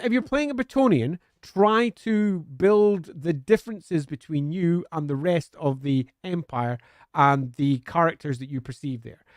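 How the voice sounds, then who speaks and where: Man, live-stream Q&A host, upbeat and chatty, lots of "um"s, fairly high voice. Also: no room sound, studio quality. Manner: chatty and upbeat, hesitant fillers. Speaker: streamer answering viewer questions.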